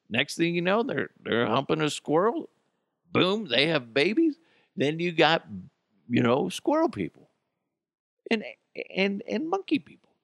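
A man's voice: mid-range voice, creaky, fairly bright tone, no room sound, clean studio sound. A male podcast host delivering a comedic news rant, profane and sarcastic, wandering off on tangents. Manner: tangents and laughter-breaks.

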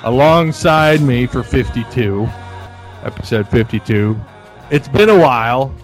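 A man's voice: mid-range voice, lively intonation, unhurried, soft background music, poor audio. A man from Arkansas with a light Southern accent, hosting a casual sports podcast, rambling and laughing often. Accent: Northwest Arkansas Southern. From Fayetteville, Arkansas. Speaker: podcast host.

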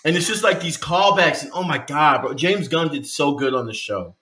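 A man co-hosting a podcast in casual chat, excitable and slangy, laughing a lot. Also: a little high, moderate pace. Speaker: podcast co-host.

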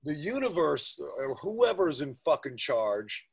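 Casual man with a husky voice, profane and animated, spinning anecdotes. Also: fairly high pitch, measured pace. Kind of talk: casual chat.

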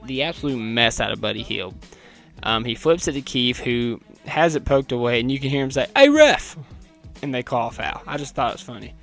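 Chatty man recapping a basketball game. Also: fairly bright tone. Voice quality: not a deep voice. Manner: chatty, wry, laughs at his own notes. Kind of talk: casual game recap from notes.

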